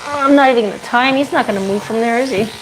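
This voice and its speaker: A woman's voice: fairly high pitch, racing, background noise. A woman dog groomer chatting casually on a live stream, talking to the dog and her viewers while she works at the bath.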